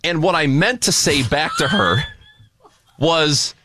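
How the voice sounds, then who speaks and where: A man co-hosting a talk show, telling an embarrassing story in a casual, animated, self-mocking way. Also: on the high side, slow.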